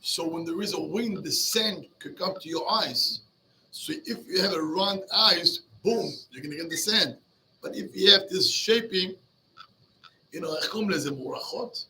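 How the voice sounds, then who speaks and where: A man's voice: sits high, a little fast, slight background noise. A rabbi telling a Talmud story to a class, switching between Hebrew and English and acting out the characters. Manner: lively, mixes Hebrew and English, acts out the characters. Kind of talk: animated storytelling lesson.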